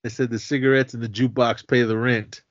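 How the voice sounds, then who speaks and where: This podcast co-host, a man with a medium-pitched, fairly flat voice, talks fast as he casually recounts a film and performs the characters' lines in raised voices between chuckles. There's no room sound, and the lo-fi audio comes across dry and slightly dull.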